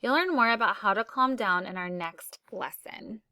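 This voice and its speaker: Woman teacher talking to a class of kids, bright crisp voice, upbeat. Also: mid-range voice, normal speed, dry recording, studio quality. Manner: upbeat, acts out example phrases. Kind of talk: classroom lesson for children.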